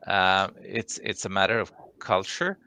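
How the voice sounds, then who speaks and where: Male clinician, deep and bright, careful hesitant Q&A answers over a video call. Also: steady tone, gravelly, no echo. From Sweden. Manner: measured, hesitant with many ums and restarts. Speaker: conference speaker, orthopedic clinical leader. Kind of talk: live Q&A answers.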